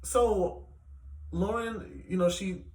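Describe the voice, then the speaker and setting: A man giving a casual, animated recap of a reality show, with plenty of fillers as he retells the scenes. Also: high voice, takes it slowly. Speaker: reality TV reviewer. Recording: echoey room, distant mic.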